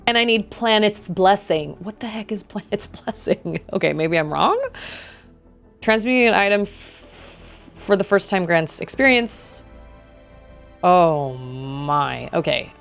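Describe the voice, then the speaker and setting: A young woman streams a video game, chatting casually and reacting aloud as she reads the game text over background game music. Her voice is on the low side with vocal fry and a fairly bright tone, and a robot voice filter kicks in now and then.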